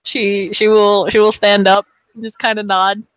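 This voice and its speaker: Slow, deliberate woman game master. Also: medium pitch, flat delivery, no room sound, low-quality recording. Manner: slow, deliberate, descriptive narration. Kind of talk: narrating a tabletop game.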